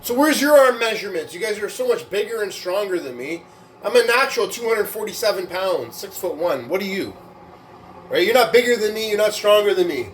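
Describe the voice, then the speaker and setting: A fairly high-pitched man rants at his viewers in a casual vlog, boastful and taunting. The room is echoey, with a faint ambient hum behind him. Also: lively intonation, fairly quick. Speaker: weightlifting vlogger.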